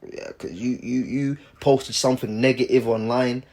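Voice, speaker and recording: A man's voice: mid-range voice, steady tone, moderate pace, gravelly, darkish tone. A man in casual religious commentary who preaches emphatically, repeats himself and keeps saying "man".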